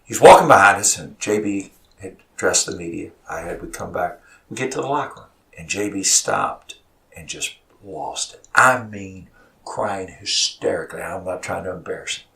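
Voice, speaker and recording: A man, a college basketball head coach, telling stories in an animated way as a studio guest, repeating words as he gets worked up. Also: deep voice, normal speed, vocal fry. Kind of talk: emotional storytelling in a studio interview. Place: radio studio. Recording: voice sounds far from the mic.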